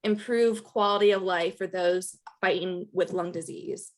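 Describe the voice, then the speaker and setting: A woman's voice: fairly low pitch, fairly even intonation, unhurried. A woman hosting a virtual rally on a video call, upbeat and encouraging, with many fillers. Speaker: event host and organizer.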